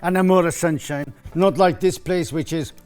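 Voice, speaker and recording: A man's voice: on the high side, fairly even intonation, moderate pace, a little mellow, clean tone, soft background music, close to an everyday voice. A man doing a Roman soldier, Italian accent. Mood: storytelling. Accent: put-on Italian. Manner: theatrical, lilting storytelling. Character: weary homesick Roman foot soldier. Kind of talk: educational drama.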